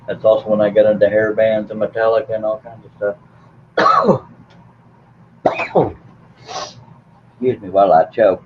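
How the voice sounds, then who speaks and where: A man hosting a late-night live stream in a casual, rambling way, teasing his guest with jokes. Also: on the low side. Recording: tinny phone-like line with faint hiss.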